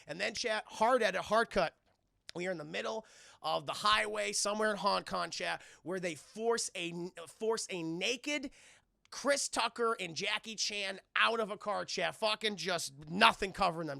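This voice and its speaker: A man streaming a casual film review to a live chat. He retells scenes in a profane, animated way. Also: sits high, vocal fry, no room sound, studio quality.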